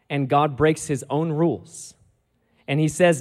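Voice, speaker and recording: A man preaching a sermon, retelling scripture with lively acted-out dialogue and emphatic delivery. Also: fairly high pitch, measured pace. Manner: animated storytelling, acting out dialogue, emphatic.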